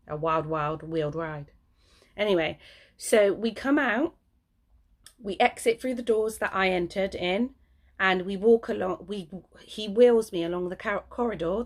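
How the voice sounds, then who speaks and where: A woman telling a story in a rambling vlog, repeating words and acting out what others said in a higher voice. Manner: acts out quotes in a higher voice. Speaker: vlogger.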